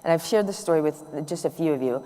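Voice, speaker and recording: A woman's voice: sits low, fast. A middle-aged woman giving a talk to an audience, telling stories with acted-out dialogue. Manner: warm, animated storytelling with acted-out dialogue. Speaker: speaker. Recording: long hall reverb.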